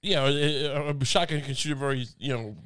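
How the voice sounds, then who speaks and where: A man's voice: medium pitch, fairly quick, fairly bright tone, smooth. A young man co-hosting a casual comedic podcast chat, rambling with stammered restarts and silly put-on voices. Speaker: podcast co-host.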